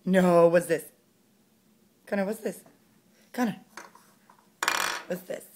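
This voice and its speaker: A woman's voice: fairly low pitch, steady tone, slow pace, very noisy. A pregnant mother filming at home, coaxing her toddler with sing-song, encouraging questions.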